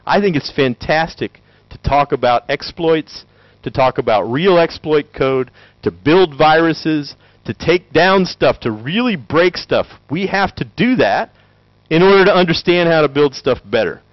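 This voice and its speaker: In a dry, echo-free room captured with dull, lo-fi sound, a Tennessee man delivers an animated, joke-filled conference lecture. His pitch leaps about as he slips into brief character voices.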